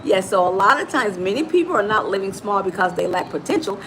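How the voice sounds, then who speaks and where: A middle-aged woman from Chicago, a motivational coach giving an animated, preachy talk straight to her listeners. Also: medium pitch, fast, a little hiss or hum, rough recording. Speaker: motivational coach and podcast host.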